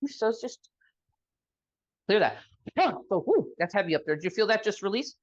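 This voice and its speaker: A woman leads an energy healing session over a video call, her voice soothing and drawn out as she works. She speaks at an ordinary middle pitch, and the sound is a little dull and lo-fi. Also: big pitch swings, moderate pace. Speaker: sound healer.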